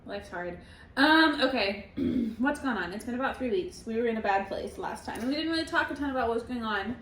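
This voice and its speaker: A woman's voice: fairly high pitch, expressive, brisk, a bit bright. A young woman co-hosting a podcast, chatting in an upbeat, playful way. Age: young adult. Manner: upbeat, playful, chimes in often. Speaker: podcast co-host. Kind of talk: casual chat. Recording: echoey room with faint noise.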